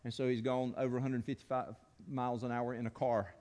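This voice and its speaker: A man's voice: medium pitch, little pitch movement, fairly quick, a little mellow. A man preaching a sermon as pastor, telling stories earnestly and leading the congregation in call-and-response. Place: church sanctuary. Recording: long hall reverb.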